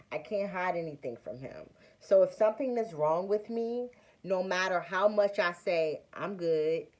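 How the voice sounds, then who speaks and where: Young woman vlogger, low voice, takes her time, chatty and slangy, acts out the quotes. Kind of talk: casual storytelling.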